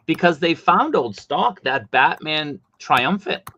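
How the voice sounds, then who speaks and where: A man hosting a casual livestream chat about collectible figures, talking animatedly, his voice jumping high when he gets exasperated. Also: expressive, takes it slowly, pushed and bright, no echo, dull audio. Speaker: host.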